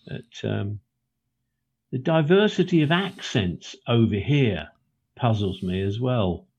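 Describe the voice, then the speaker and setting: A British man with a lowish, husky voice talks in a loose, rambling way, stopping and restarting his thoughts. The sound is dull and a bit lo-fi, like a remote call. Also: expressive, takes it slowly, a little mellow. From Britain. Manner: rambling, self-correcting, with many ums and restarts. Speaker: author and podcast guest. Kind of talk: casual chat.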